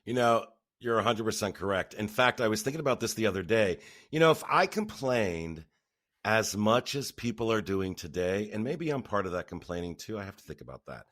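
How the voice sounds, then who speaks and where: A man's voice: lowish voice, expressive, fairly quick, fairly bright tone. A man co-hosting a podcast, chatting casually in a reflective way and chuckling often. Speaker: podcast co-host. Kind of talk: casual chat.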